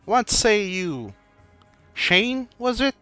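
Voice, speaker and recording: A man voicing a smooth-talking patron who tries to lure a young fighter away, speaking in a slow, coaxing voice. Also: sits high, sing-song, pushed and bright, no echo, faint music behind, voice pushed up, full character voice.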